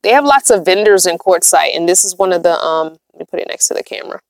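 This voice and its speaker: A woman with a lowish, gravelly voice talks fast and animatedly in a dry recording. She's a van-dwelling vlogger on a livestream inside her van, chatting casually, reading the live chat comments aloud, and laughing often.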